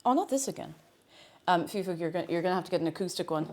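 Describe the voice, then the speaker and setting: A woman's voice: fairly low pitch, lively intonation, very fast, darkish tone. A young Irish woman chatting casually on her livestream, bubbly and chatty as she greets viewers and reads their messages. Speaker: streamer.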